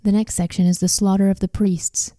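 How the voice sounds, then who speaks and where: Woman Bible study leader, measured questioning tone, warm timbre, dry room. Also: mid-range voice, little pitch movement, dry recording. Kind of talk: scripture reading with discussion questions.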